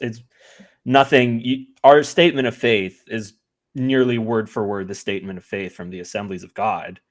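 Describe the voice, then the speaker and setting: A man on a Christian livestream panel speaking in a measured, thoughtful way about his church's doctrine. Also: lowish voice. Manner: measured, thoughtful, hedges with "I would say". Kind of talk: casual discussion.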